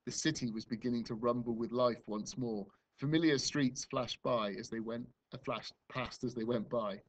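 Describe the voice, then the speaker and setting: A male primary school teacher reading a children's novel aloud to his class, with expressive, dramatic storytelling. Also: medium pitch, moderate pace.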